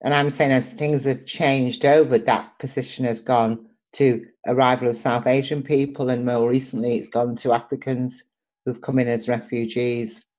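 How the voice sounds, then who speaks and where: Older Manchester poet telling stories in an interview, mellow and lively, acts out the people she quotes. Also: very deep voice, moderate pace. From Manchester, England. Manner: lively, acts out voices in her anecdotes. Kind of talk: personal storytelling in an interview.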